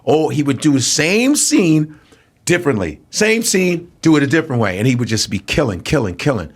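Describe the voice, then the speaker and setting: A male comedian guest telling profane, animated stories in casual chat. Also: fairly high pitch, moderate pace, breathy edge. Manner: animated storytelling with profanity and voice switches.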